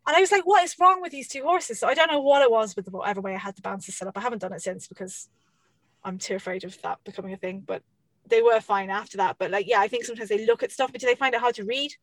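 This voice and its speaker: A woman telling horse-riding stories in casual chat, swearing freely and animated. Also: mid-range voice, fast talker, no room sound.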